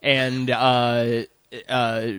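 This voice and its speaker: A man, a podcast guest, chatting casually, halting with many filler words. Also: mid-range voice, monotone, fairly bright tone, clear, resonant tone, no echo, studio quality.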